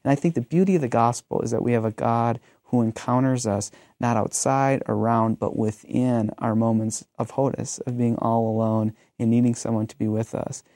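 A man's voice: medium pitch, fairly even intonation, moderate pace, hardly any pauses, dark tone, no echo, clean studio sound. A man in his thirties, a pastor and teacher, talking earnestly about ministry and telling stories in a conversational way. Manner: earnest, storytelling, frequent "um".

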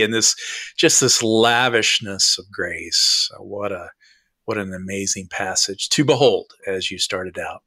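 A man's voice: lowish voice, a little slow, sharp tone, dry recording, studio quality. A man who is a pastor leading a scripture discussion in a reflective, affirming way and asking his co-host questions.

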